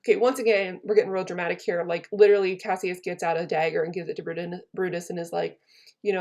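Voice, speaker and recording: A woman with a low, gravelly voice teaches a lesson in a relaxed, chatty way. She reads a classic play aloud and keeps retelling its old lines in everyday slang for her students. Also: fast. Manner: paraphrases old verse in casual modern slang.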